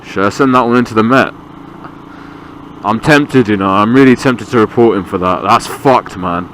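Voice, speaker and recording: A man's voice: on the low side, normal speed, low-quality recording. A young man, a learner driver ranting and swearing in exasperation while he drives. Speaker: learner driver filming himself. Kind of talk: ranting in-car commentary. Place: inside a car on a busy road. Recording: car interior with loud road and traffic noise.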